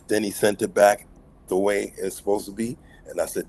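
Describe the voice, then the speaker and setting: Low male producer, laid-back, repeats himself, faint background noise. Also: normal speed. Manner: relaxed, repeats phrases. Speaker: guest producer. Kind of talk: casual storytelling.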